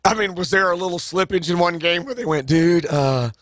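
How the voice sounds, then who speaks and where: A man's voice: sits high, quick pace, bright, forceful tone, no echo, clean studio sound. A man co-hosting sports talk radio, joking in wry, casual banter. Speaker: radio co-host.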